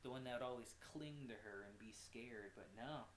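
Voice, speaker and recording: A man giving a casual, animated recap of a show episode as a reviewer, with swearing and quick asides. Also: medium pitch, reverberant, a little hiss or hum. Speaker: anime reviewer.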